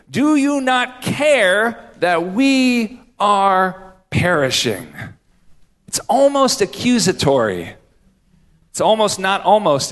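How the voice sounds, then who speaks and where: A man preaching a sermon, slow and deliberate with dramatic pauses as he reads scripture. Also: high voice, a bit bright, in a large hall. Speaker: pastor.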